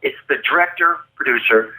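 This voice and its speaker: A man guest on an interview podcast, telling animated stories about his acting career and laughing often. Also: medium pitch, brisk, low-quality recording. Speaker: actor guest. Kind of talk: casual interview storytelling.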